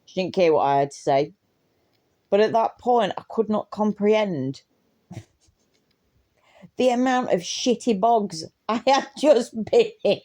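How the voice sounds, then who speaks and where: A woman's voice: medium pitch, animated, takes it slowly, long pauses, dark tone. A young woman tells a casual storytime anecdote, laughing often and swearing freely. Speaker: vlogger.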